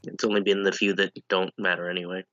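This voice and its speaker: A man's voice: low voice, level tone, fast, bright, forceful tone, no room sound, dull audio. A man chatting casually as a comedian guest, dry and self-deprecating, rambling through his answers.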